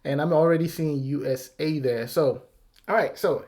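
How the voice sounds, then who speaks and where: A man's voice: mid-range voice, moderate pace, creaky, a little mellow. A man hosting his own channel's giveaway vlog, talking casually in a rambling, apologetic way with nervous laughs. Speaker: YouTube channel host.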